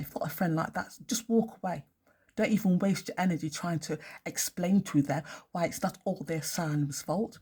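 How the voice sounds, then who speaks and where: A woman's voice: fairly low pitch, a little mellow, slightly rough. A woman ranting in a casual monologue, blunt and swearing heavily. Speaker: vlogger.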